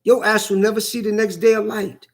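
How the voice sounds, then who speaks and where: Brief: high-pitched man, angry profane vlog rant, repetitive and heated. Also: flat delivery, fairly quick, creaky. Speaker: vlogger. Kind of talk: angry ranting monologue.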